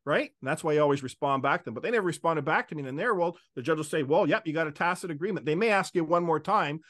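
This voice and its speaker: A man's voice: fairly high pitch, racing, fairly bright tone, dry recording, studio quality. A man speaking as a guest in a conversational interview, assertive and lecturing.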